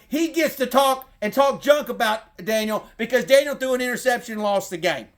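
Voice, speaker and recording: Southern guy with a really high voice, middle-aged, ranting hot and cussing a lot about football. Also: brisk, few pauses. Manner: heated, profane, repetitive rant. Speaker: sports fan content creator. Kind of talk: fired-up sports rant.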